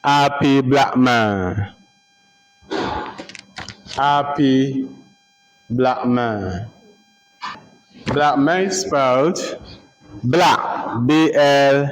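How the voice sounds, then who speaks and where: A man giving a lecture, slowly repeating names and spelling them out letter by letter for note-taking. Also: mid-range voice, rough recording. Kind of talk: slow dictation-style lecture.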